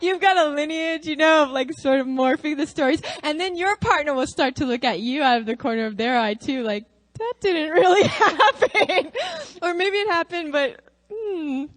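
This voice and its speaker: A woman's voice: high-pitched, moderate pace, no echo. A woman co-teaching a talk, speaking to an audience in a teasing, giggly way.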